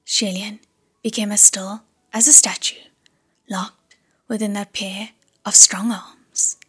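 A woman reading an audiobook in a hushed, measured whisper. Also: medium pitch, level tone, breathy edge, faint music behind. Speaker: audiobook narrator.

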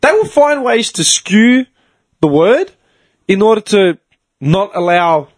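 A man co-hosting a podcast in casual chat, animated and joking, often laughing and swearing. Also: sits high, no room sound. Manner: animated, laughing, swearing, quick jokey asides. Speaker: podcast co-host.

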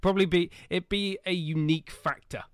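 A man co-hosting a casual football podcast, talking animatedly with loud bursts, swearing and laughing at his own jokes. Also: sits high, fairly even intonation, a little fast, no room sound, studio quality. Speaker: podcast co-host.

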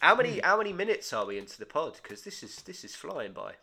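Brief: young guy, bright and animated, bantering on a podcast. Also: a little high, fast, gravelly. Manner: chatty, giggly banter. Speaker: podcast co-host. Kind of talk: casual comedy podcast chat.

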